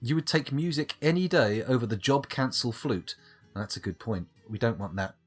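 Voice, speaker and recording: A man's voice: medium pitch, animated, normal speed, faint music behind. A man chatting wryly with his live chat while playing a game, rambling from thought to thought. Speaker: streamer.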